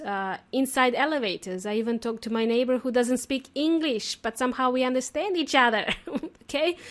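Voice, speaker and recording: A woman hosting a casual English lesson podcast, chatty and talkative, laughing often as she explains. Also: high voice. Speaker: podcast host and English teacher. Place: lives in Australia.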